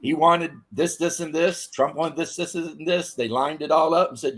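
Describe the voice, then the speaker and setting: A man co-hosting a casual podcast chat with a slightly raised pitch. He tells stories in an animated way, slipping into quoted voices and laughing along the way. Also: normal speed, hardly any pauses, husky. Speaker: podcast co-host.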